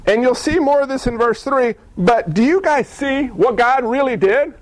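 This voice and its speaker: High-voiced animated preacher man. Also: normal speed, no echo, poor audio. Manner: animated, acts out voices of people in the story. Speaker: pastor. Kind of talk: sermon.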